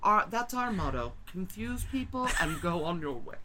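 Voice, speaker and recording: A woman's voice: on the low side, big pitch swings, normal speed, crowd noise. A woman co-hosting a casual podcast, playful and jokey, chiming in with quips. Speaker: co-host.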